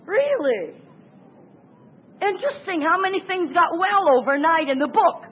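High-voiced woman preaching a fervent sermon. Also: very animated, unhurried. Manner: emphatic, swings from loud exclamations to hushed asides. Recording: tinny phone-like sound with faint noise.

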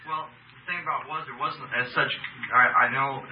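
A man's voice: medium pitch, fairly even intonation, normal speed. A man from the congregation asking a question, hesitant and stumbling over his words. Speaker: congregation member. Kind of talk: question from the floor. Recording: distant, roomy, tinny with noise.

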